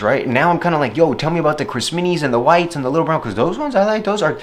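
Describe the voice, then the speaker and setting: A man answering an interview question in a rambling, reflective monologue, who gets animated when he quotes himself. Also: fairly high pitch, quick pace, hardly any pauses.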